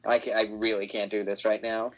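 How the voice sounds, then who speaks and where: A man's voice: on the low side, flat delivery, fairly quick, low-quality recording. A man hosting a casual chat, laughing often and restarting his sentences. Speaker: host.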